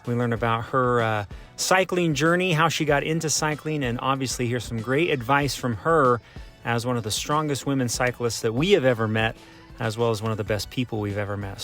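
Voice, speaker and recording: A man's voice: medium pitch, brisk, a bit bright, soft background music. Upbeat rambling male podcast host. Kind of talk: casual podcast chat.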